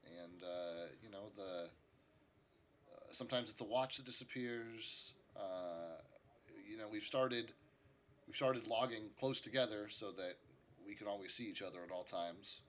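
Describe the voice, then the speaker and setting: An easygoing logging camp boss who keeps tame goblins, voiced by a man. He talks low and haltingly, stumbling through fillers as he explains. A faint hum sits behind the voice. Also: a bit bright. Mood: matter-of-fact.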